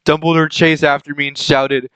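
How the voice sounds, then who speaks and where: Young guy reading cringey fanfic out loud, cracking up, smooth voice, dry close mic. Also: fairly high pitch, flat delivery, moderate pace, no echo, poor audio. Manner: laughing through the text, breaking off to comment. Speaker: reader of a fanfic. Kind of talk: comedic dramatic reading.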